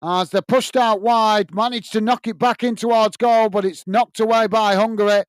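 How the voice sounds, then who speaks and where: Upbeat high-voiced man calling football live. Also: fairly even intonation, moderate pace, clear, resonant tone, no room sound. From United Kingdom. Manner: upbeat, reads out viewer messages and calls the play. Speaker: watch-along host. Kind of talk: live football commentary and chat reading.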